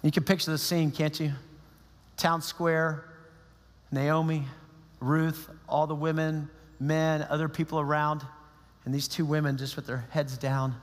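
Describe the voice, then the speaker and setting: A pastor delivers his sermon in a chatty, lively way, slipping into quoted asides from the people he describes. His voice sits high for a man, and the sound carries the long reverb of a church sanctuary. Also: a little slow. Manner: conversational, animated preaching with quoted asides.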